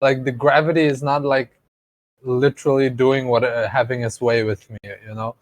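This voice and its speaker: A man's voice: mid-range voice, flat delivery, normal speed, no room sound. A young man, co-hosting a podcast. He teases his friend, laughs a lot and drives his points home with "okay?". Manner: teasing, laughing, emphatic "okay?". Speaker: podcast co-host. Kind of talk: casual chat.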